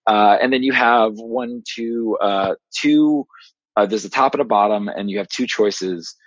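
A man telling a long, excited story as a podcast guest, rambling with many fillers and restarts. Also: lowish voice, a little slow, no room sound. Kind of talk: casual storytelling monologue. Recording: dry, slightly dull lo-fi podcast audio.

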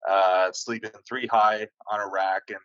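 A man's voice: lowish voice, steady tone, measured pace, a bit bright, dry recording, lo-fi sound. A man, a navy sailor guest on a podcast, telling rambling stories casually, swearing often and stumbling through fillers and restarts. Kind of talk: casual storytelling.

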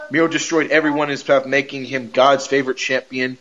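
A man co-hosting a podcast, recapping wrestling shows in an animated, casual way, swearing and laughing as he goes. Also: mid-range voice, brisk, hardly any pauses, muffled recording, a little hiss or hum. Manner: animated storyteller, swears and laughs mid-sentence. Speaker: podcast co-host.

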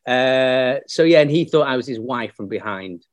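A man's voice: mid-range voice, expressive, moderate pace, no room sound. Chatty man telling stories. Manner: chatty anecdotal storyteller, slips into voices for people he quotes. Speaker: actor and comedian guest. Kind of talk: casual podcast chat.

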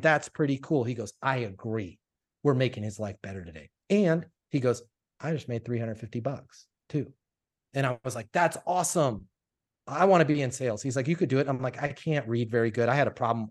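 Animated man telling stories. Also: medium pitch, fairly quick. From Colorado, USA. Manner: animated storyteller acting out quoted dialogue. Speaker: sales coach guest. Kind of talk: casual storytelling interview.

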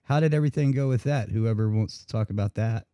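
A man's voice: fairly low pitch, quick pace, dry recording, studio quality. A man hosting an online talk radio show, chatting casually and swearing freely. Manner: profane, relaxed banter.

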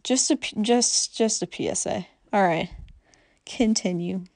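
A woman's voice: mid-range voice, unhurried, creaky, a little mellow, no echo. Chatty, rambling young woman podcaster. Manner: rambling, chatty, full of fillers. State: slightly hoarse. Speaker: podcast host. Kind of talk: casual solo podcast chat.

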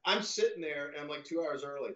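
A man's voice: on the high side, fast talker, fairly bright tone, roomy sound, dull audio. A man telling a long, rambling, profane story as a podcast guest, acting out the voices of the people in it. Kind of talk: casual anecdotal storytelling.

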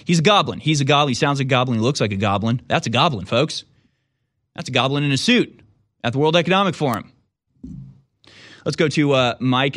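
A man's voice: mid-range voice, expressive, fairly bright tone, dry recording. A man hosting a call-in talk show, riffing with callers in a loose, joking way. He often stops and restarts mid-sentence. The sound is close and dry, with no room around it. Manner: joking, quick riffs, trails off into restarts.

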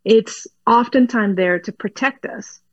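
Animated, laughing woman explaining in an interview. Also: fairly high pitch, a little slow, dry recording, highs cut off. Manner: animated, laughs often, repeats words while explaining. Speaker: guest expert.

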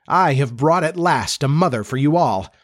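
A man voicing a cocky, commanding boy leader in a high, boastful voice in an audiobook reading. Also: lively intonation, moderate pace, close to an everyday voice. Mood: eager. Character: cocky boy leader who never grows up.

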